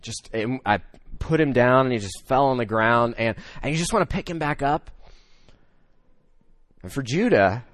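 Male pastor, 30s, dry close sound, animated storytelling sermon voice. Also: medium pitch, moderate pace, dry recording. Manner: storytelling with swings from loud excitement to hushed emotion.

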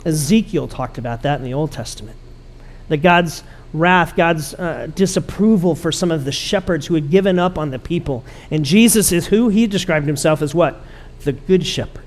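A man's voice: a little high, moderate pace. A man pastor preaching a conversational, emphatic sermon to his church.

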